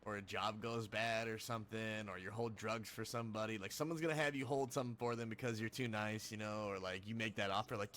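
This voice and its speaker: Laid-back, low-voiced, profane streamer. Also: male voice, level tone, brisk, hardly any pauses, a bit bright. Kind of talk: casual chat with viewers.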